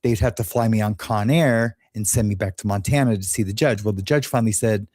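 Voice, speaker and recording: A man's voice: on the low side, brisk, a little mellow, dry recording, clean studio sound. A man from Los Angeles hosting a show, telling a rambling, candid story in a casual monologue and laughing at his own jokes. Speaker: show host.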